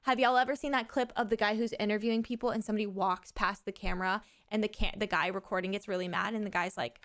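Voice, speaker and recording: A woman's voice: mid-range voice, steady tone, fast talker, fairly bright tone. A woman in her thirties chatting casually on a livestream, rambling frankly about raising her son and swearing freely. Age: 30s. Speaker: streamer and mother.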